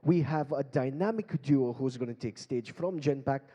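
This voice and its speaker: A man's voice: medium pitch, normal speed, dark tone, dull audio. A man with an Indian English accent hosting a live conference on stage as emcee and beatboxer, playfully coaxing the audience to join in. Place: large conference hall stage. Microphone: handheld stage mic. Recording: long hall reverb.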